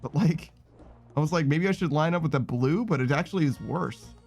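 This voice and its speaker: During his casual gaming stream, this man speaks briskly with some vocal fry, cursing often and reading the chat aloud. A playful meow keeps getting tacked onto his phrases, and his frustrated outbursts come out louder and higher. Quiet music sits faintly underneath.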